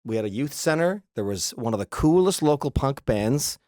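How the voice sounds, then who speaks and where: A man from Canada, a guest comedian telling a story in casual chat, animated and slipping into voices. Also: mid-range voice, normal speed. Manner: animated, jumps into character voices.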